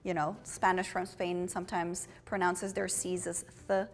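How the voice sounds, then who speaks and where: A woman's voice: lowish voice, little pitch movement, moderate pace. Thoughtful woman in casual chat. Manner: thoughtful, many "like" fillers.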